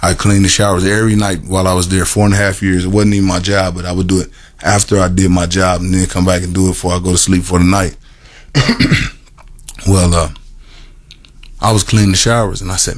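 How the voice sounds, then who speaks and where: Deep voiced older guy telling his life story to a group, halting, lots of restarts and repeats, earnest. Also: level tone. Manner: halting, repetitive storytelling with many restarts and fillers; earnest and emotional, laughs at himself. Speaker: formerly incarcerated man telling his story. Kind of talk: personal testimony to a group.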